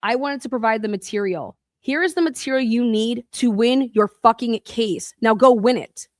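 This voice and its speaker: A woman's voice: fairly high pitch, moderate pace, no room sound. Furious profane woman ranting into a dry mic. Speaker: podcast host. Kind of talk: angry monologue.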